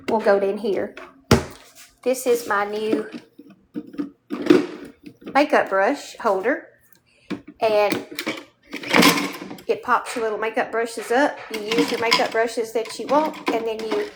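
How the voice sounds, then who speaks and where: A woman's voice: medium pitch, heavy background noise. A woman giving a casual show-and-tell of her home furnishings, chatty and often checking in with the viewer. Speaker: home vlogger. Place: indoors at home.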